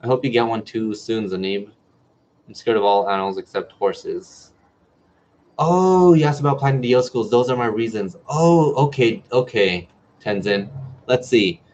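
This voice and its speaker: A man's voice: lowish voice, moderate pace, darkish tone, a little hiss or hum. A man in his twenties from New Mexico hosting a casual livestream Q&A as a medical student, chatty, reading viewer comments aloud and answering them. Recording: dull lo-fi livestream audio.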